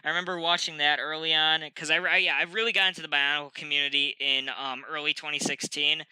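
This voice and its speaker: Bright, crisp-voiced young man rambling. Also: on the high side, flat delivery, quick pace, no room sound, poor audio. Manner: rambling, frequent ums and self-corrections. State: stuffy nose. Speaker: host of a review channel. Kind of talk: casual unscripted review. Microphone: desk microphone.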